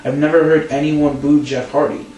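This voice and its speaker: Lively young guy retelling, echoey room. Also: a little high, moderate pace, dull audio. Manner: animated storyteller, acts out quotes. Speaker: podcast co-host. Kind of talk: casual wrestling recap chat. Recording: echoey room, distant mic, faint hum.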